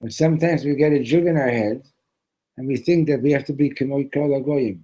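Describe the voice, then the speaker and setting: Guy teaching torah class by telling a parable, husky low-key voice, lots of restarts. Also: brisk, warm tone, low-quality recording. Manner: loose, with restarts and Hebrew terms. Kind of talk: storytelling lesson.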